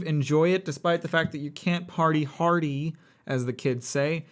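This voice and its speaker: A man's voice: fairly high pitch, steady tone, normal speed, few pauses. A young man chatting casually on a live stream, rambling, blunt and profane with a sardonic edge. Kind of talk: casual live-stream chat while building a model kit.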